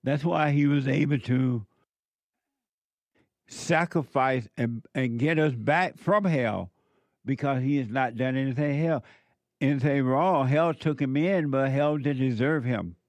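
A man's voice: medium pitch, unhurried, no echo. A man preaching a sermon, emphatic and repetitive as he addresses a live audience.

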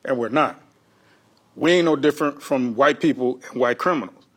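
A male comedian, a guest on an interview show, telling stories in an animated, slangy way and laughing often. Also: medium pitch, moderate pace. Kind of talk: casual interview storytelling.

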